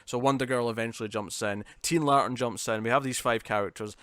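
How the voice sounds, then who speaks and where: A man with a British accent co-hosting a comic book podcast, retelling a story in a lively, chatty way with quick restarts. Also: medium pitch, no room sound. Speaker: podcast co-host. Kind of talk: casual comic review chat.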